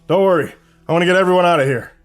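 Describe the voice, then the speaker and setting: A man's voice: high voice, racing, soft background music, pitched above the performer's own voice, lightly acted. A man voicing a joking, unflappable young man in a storybook telling, breezy and wisecracking. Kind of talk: storybook voice acting.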